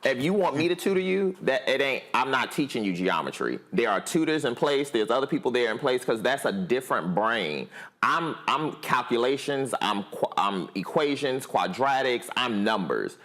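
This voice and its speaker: A man's voice: medium pitch, big pitch swings, moderate pace, fairly bright tone. A man who teaches math, explaining plainly and earnestly as a guest on a talk panel.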